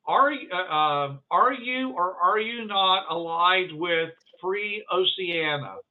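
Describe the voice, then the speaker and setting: A man voicing a formal, wary male official who questions strangers slowly and deliberately. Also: high voice. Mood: questioning. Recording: phone-like narrow band.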